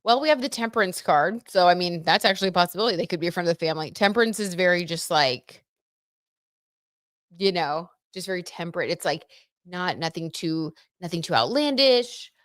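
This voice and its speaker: A young woman hosts a casual livestream, chatting her way through gossip and tarot readings in a loose, filler-heavy way. Her voice sits low for a woman. The sound is close and dry, with no room echo. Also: animated, fairly quick. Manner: chatty, gossipy, lots of "like" and "you know".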